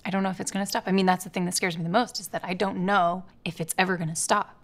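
A woman's voice: on the low side, fairly even intonation, fast, close to an everyday voice. A woman playing an anxious venting girlfriend. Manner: anxious, complaining, wants to be heard. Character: frustrated young woman venting to her partner. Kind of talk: comedy sketch acting.

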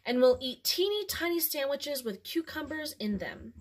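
A woman's voice: sits high, animated, moderate pace. A woman voicing a bossy but kind older sister in a storybook reading.

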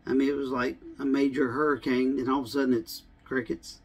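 A man's voice: mid-range voice, little pitch movement, fairly quick, husky. A male pastor preaching a casual, conversational sermon, full of "I mean" and "you know.".

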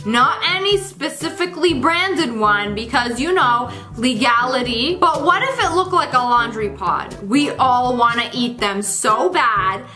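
A woman's voice: sits high, lively intonation, a little slow, few pauses, music in the background. A young woman hosting a reaction show, giving playful, sarcastic commentary on funny text messages. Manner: playful and sarcastic, slips into mock voices.

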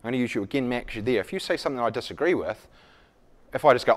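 This man runs a live leadership workshop in a medium-pitched voice, speaking fast and with plenty of animation. He talks casually to the room, jokes at his own expense and plays out example exchanges.

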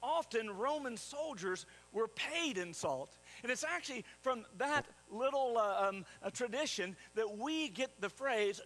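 A man's voice: high voice, expressive, moderate pace, fairly bright tone, slight background noise, low-quality recording. A man preaching a sermon as pastor, putting questions to the congregation and repeating phrases for emphasis. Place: church sanctuary.

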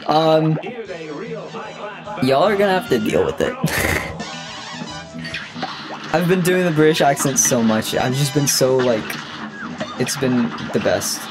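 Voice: mid-range voice, lively intonation, slow pace, long pauses. Laughing, swearing young game streamer. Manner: laughs often, swears freely, teasing. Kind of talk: casual live gameplay commentary. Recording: game music behind the voice.

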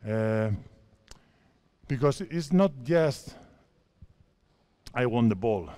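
Man, 50s, Spanish accent, basketball coach, halting English, repeats himself, mid-pitched voice. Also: animated, dark tone. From Spain. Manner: halting non-native English, repeats phrases, directs players. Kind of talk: on-court coaching clinic.

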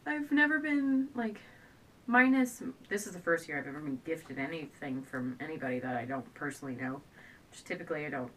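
Chatty pregnant mom, a little far from the mic. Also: female voice, expressive, a little fast, fairly bright tone. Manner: rambling, chatty, trails off and restarts often. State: pregnant, often out of breath. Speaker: stay-at-home mom vlogger. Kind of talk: casual chat to camera. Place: at home indoors. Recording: a bit distant from the camera, faint low rumble.

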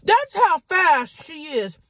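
A woman vlogger telling a crude story in a fast, animated way while eating. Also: extremely high pitch, no room sound.

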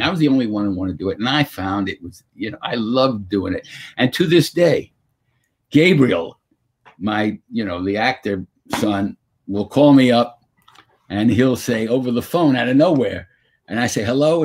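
Husky older man, lively storyteller. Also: medium pitch, normal speed. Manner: animated anecdotal storyteller. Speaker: guest actor. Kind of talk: storytelling in a video-call Q&A. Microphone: video call.

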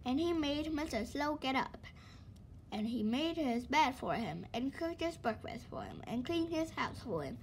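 Brief: woman storyteller, high voice, expressive children's book read-aloud. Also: a little slow, a little hiss or hum. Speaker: storybook reader.

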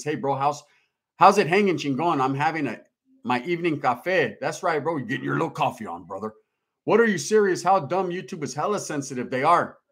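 A middle-aged man hosting a casual livestream, reading viewer comments aloud in a laid-back, slangy, streetwise way. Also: mid-range voice. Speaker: livestream host reading chat. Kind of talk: casual live-stream chat.

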